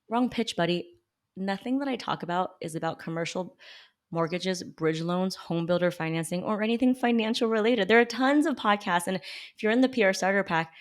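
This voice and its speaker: Emphatic lower-voiced woman PR coach. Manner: emphatic, with big pitch jumps when reacting. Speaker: small business PR coach and podcast host. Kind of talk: casual critique read to camera.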